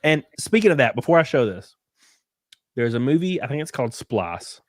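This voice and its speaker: Man, tipsy, animated, crude casual chat, swoops into mocking high voices, dry. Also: moderate pace, dry recording. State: a little drunk. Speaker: podcast co-host.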